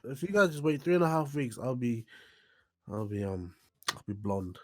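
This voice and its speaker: A man's voice: medium pitch, animated, moderate pace. A young man with a New Zealand accent chatting as a podcast guest, laughing, swearing and playful. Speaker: guest musician. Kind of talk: casual podcast chat.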